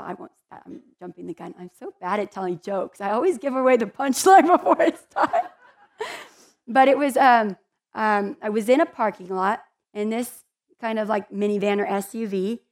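A woman giving a conversational Bible teaching in an earnest, heartfelt way, with chatty asides to her listeners. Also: mid-range voice.

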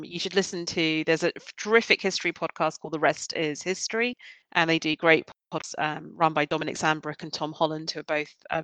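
A man's voice: fairly high pitch, sharp tone, clean tone, dry recording, poor audio. A man, co-hosting a podcast and talking through his points with many ums and asides. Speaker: podcast co-host. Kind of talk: casual discussion.

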